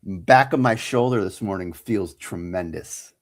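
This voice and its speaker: A man co-hosting a sports talk stream, telling a story with animated, casual delivery. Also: sits low, a little slow. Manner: animated storyteller, acts out quotes. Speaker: co-host.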